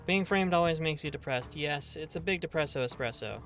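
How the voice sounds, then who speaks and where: Male game streamer: bright, slightly high voice, jokey, casual chat, faint music bed. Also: lively intonation, brisk, hardly any pauses. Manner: chatty, joking, warmly greets viewers as darling. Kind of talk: casual live-stream commentary.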